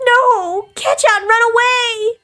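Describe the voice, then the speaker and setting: A woman voicing a terrified captive teenage girl, crying and pleading in a shrill, desperate voice. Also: fairly even intonation, takes it slowly, pushed and bright, heavily acted. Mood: panicked.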